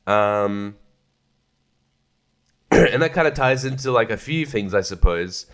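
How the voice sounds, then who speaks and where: The host of this relaxed film review podcast is a man with a smooth, medium-pitched voice. He goes off on tangents, makes sarcastic remarks, curses freely, and laughs often.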